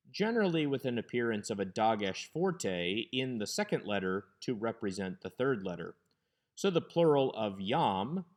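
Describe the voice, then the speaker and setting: Lower-pitched man explaining grammar patiently. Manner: patient, explanatory, spells out terms slowly. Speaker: Hebrew teacher. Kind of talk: recorded grammar lecture.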